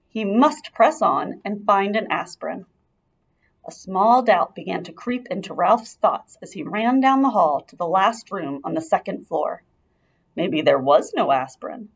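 A woman narrating a children's storybook aloud as an expressive, lively storyteller. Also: on the high side, slightly rough. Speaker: audiobook reader.

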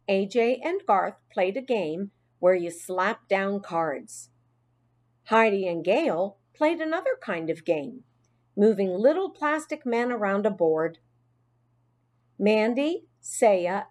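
Woman, storyteller, storybook reading, slow, expressive, lively pitch. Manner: expressive, unhurried narration.

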